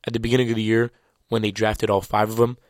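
A man's voice: on the low side, flat delivery, quick pace, no echo, clean studio sound. A man whose first language is French, chatting casually about basketball in a loose, slangy way full of restarts. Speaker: basketball commentator. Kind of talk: casual sports talk.

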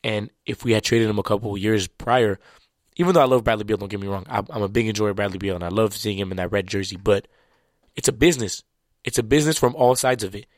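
A man whose first language is French talks basketball in a loose, chatty way, full of slang and restarts. His voice sits fairly low. The sound is dry and close, with no room echo. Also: fast. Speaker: basketball commentator. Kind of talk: casual sports talk.

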